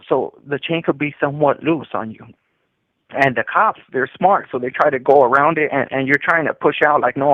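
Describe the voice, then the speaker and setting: A man with a fairly high voice recounts his own story on a prison phone call, with no echo. He rambles casually, using lots of fillers and quoting back-and-forth exchanges.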